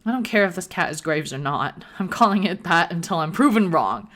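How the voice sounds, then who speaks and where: A woman's voice: on the low side, lively intonation, moderate pace, fairly bright tone. A woman reading a visual novel aloud in the first person, with playful asides of her own. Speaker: gaming video creator.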